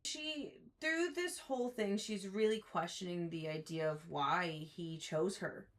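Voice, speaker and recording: A woman co-hosting a book podcast, chatting casually with many fillers and lively quotes of characters. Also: lowish voice, unhurried. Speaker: podcast co-host.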